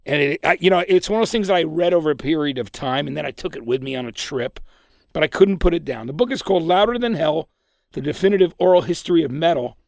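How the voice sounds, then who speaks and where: Guy hosting a podcast, talks fast n rambly, gravelly voice, dry close sound. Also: fairly high pitch, no room sound. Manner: excitable, rambling, animated. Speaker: podcast host. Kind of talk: casual interview chat.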